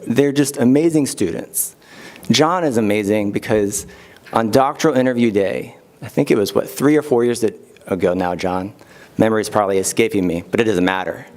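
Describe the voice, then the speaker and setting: A middle-aged man gives a heartfelt acceptance speech at an awards event. He thanks his students, family and colleagues one by one. His voice sits at an ordinary pitch, and he lightens it with small asides. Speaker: award-winning teacher giving acceptance speech.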